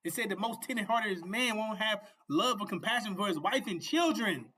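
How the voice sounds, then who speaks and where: Male preacher-host, high ringing voice, fervent and repetitive, loose informal sermon with bursts of shouting. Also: expressive, normal speed, slight background noise. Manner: fervent, repetitive, often asks "You see?"; laughs and shouts at peaks.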